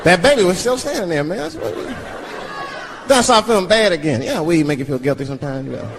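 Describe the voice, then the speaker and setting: A male stand-up comedian telling a profane story, animated, acting out voices of the people in it. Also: high-pitched, quick pace, gravelly, a crowd in the background. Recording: live show with audience laughter and noise.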